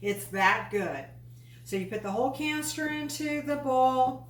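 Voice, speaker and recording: A woman's voice: high-pitched, animated, measured pace. A woman hosting a home cooking show, chatty and enthusiastic, with folksy asides while she demonstrates recipes. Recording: echoey room, mic at a distance.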